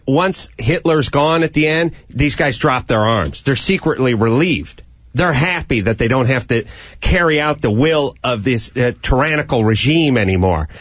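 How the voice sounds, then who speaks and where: A male radio host in his forties with a middle-pitched voice, riffing comically and jumping into loud, shouted impressions of himself as an overzealous cop. The studio sound is dry and close. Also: no room sound. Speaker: radio talk show host. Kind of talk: comedic radio banter.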